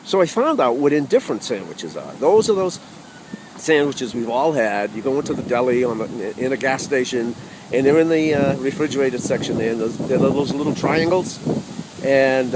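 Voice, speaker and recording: A man's voice: mid-range voice, very animated, fairly quick, very noisy. A man telling a humorous personal story with wry asides to the audience.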